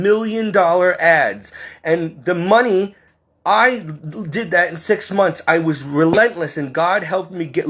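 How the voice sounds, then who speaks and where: A man's voice: fairly high pitch, fairly bright tone. Earnest, tearful man. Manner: earnest, heartfelt, fighting back tears. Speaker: Catholic vlogger. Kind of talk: emotional personal monologue.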